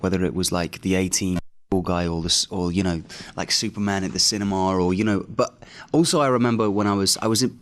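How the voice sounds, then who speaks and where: Actor in his twenties, fairly low voice, relaxed and rambling, filler-heavy junket answers. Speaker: actor interviewee. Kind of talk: press junket interview.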